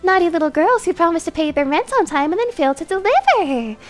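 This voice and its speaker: A woman's voice: very high-pitched, very animated, a little fast, faint music behind. A woman voicing a prim, sweetly menacing landlady who speaks in genteel tones and veiled threats, reading a game's dialogue on stream.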